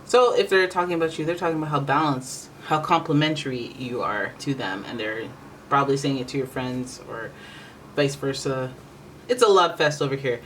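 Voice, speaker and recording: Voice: mid-range voice, moderate pace, fairly bright tone, slight background noise, low-quality recording. A tarot reader giving a casual reading, talking in a rambling, chatty way that keeps correcting itself.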